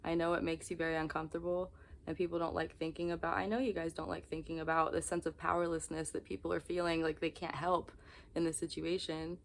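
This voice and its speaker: Low-voiced weary young woman venting. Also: flat delivery, quick pace, creaky, slight background noise. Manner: candid, rambling, emotionally raw. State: exhausted. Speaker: vlogger. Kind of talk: confessional vlog talk to camera.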